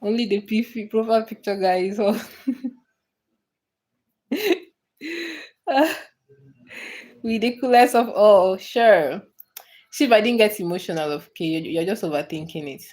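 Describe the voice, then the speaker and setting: A woman's voice: mid-range voice, animated, a little slow, pauses often, a little mellow. A woman hosting a casual livestream, answering viewers' comments with frequent laughter and repeated, restarted phrases. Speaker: livestream host.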